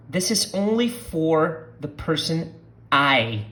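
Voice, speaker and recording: Slow, deliberate teacher. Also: medium pitch, sing-song, fairly bright tone. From southern Brazil. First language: Portuguese. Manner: deliberate, models words for the listener to repeat. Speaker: language teacher. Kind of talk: language lesson.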